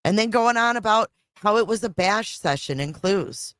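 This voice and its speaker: A woman's voice: mid-range voice, animated, moderate pace, a bit bright, dry recording, clean studio sound. A middle-aged woman hosting a casual livestream chat, frustrated and rambling, repeating herself and swearing. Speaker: livestream host.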